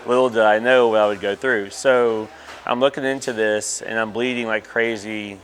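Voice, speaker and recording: A man's voice: lowish voice, fairly even intonation, normal speed, fairly bright tone, a little hiss or hum. A man, candidly telling a personal story in an interview, with many fillers. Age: 30s.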